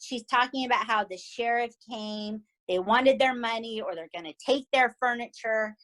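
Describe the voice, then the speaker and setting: A woman with a Southern US accent, co-hosting a podcast and recapping a TV series in animated, emphatic casual chat. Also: on the high side, moderate pace, rough recording. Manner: animated and emphatic, often asking "right?". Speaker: podcast co-host.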